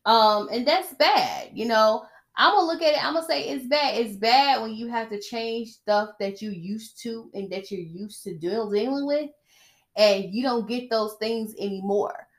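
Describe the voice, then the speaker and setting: A woman's voice: on the high side, moderate pace. A woman hosting a podcast, talking in a blunt, chatty way about reality TV, often checking in with "okay?". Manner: blunt, chatty, emphatic with frequent "okay?" asides. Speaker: podcast host. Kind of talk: casual gossip commentary.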